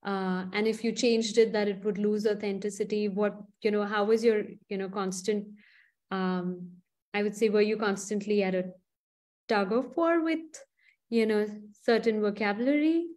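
A woman's voice: medium pitch, moderate pace, darkish tone. A woman hosting an interview, framing her questions hesitantly with many fillers. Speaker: interview host. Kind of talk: casual interview conversation.

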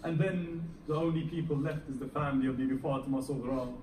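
A man's voice: mid-range voice, fairly even intonation, quick pace, a little mellow, slight background noise. Dramatic male preacher in an echoey hall. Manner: dramatic, rising and falling intensity. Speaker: Muharram lecturer. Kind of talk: emotional sermon storytelling. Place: mosque hall. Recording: echoey hall, recorded from far off, faint ambience.

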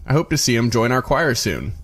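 A man's voice: mid-range voice, big pitch swings, a little fast, fairly bright tone, husky. A man voicing a proud, indignant Christian priest who snaps and sputters in an audiobook reading. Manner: snapping, sputtering, raised voice.

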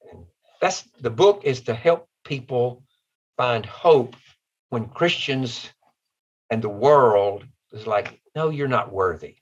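A man's voice: medium pitch, slow, breathy edge, muffled recording. A man, a guest author telling heartfelt, folksy stories in an interview. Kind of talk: interview storytelling.

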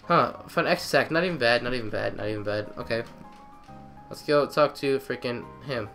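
A man's voice: medium pitch, normal speed, a bit bright, soft background music. A young man doing casual let's-play commentary, sarcastic and crude, grumbling at the characters.

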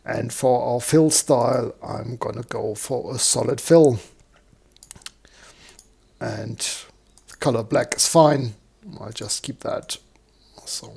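A man with a croaky, slightly hoarse voice, walking through a software demo live and thinking aloud with lots of fillers. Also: medium pitch. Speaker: software tutorial presenter. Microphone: desktop microphone.

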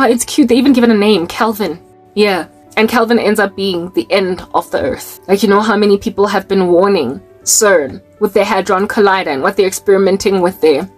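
A South African woman with a husky, slightly breathy voice preaches her own testimony in an emphatic, repetitive way. Soft music plays faintly underneath. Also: mid-range voice. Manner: emphatic, repeats key phrases for stress. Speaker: Christian vlogger.

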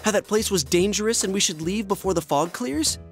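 A man's voice: high voice, fairly quick, faint music behind. A man voicing an earnest, determined teenage schoolboy in a video game, talking urgently. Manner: urgent, earnest, talks things through. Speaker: voice actor.

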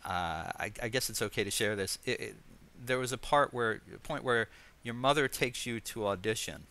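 Bright, hesitant male interview host. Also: lowish voice. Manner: hesitant, halting, with many restarts.

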